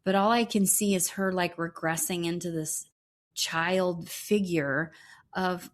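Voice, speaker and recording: A woman's voice: on the low side, steady tone, slow. A woman co-hosting a podcast, recapping reality TV in blunt, profane casual chat. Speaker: podcast co-host.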